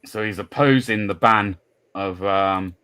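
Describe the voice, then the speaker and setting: A man hosting a live stream, talking in a relaxed, easygoing way while sharing clips. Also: on the low side, a little slow, clear, resonant tone, no echo. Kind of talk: casual live-stream chat.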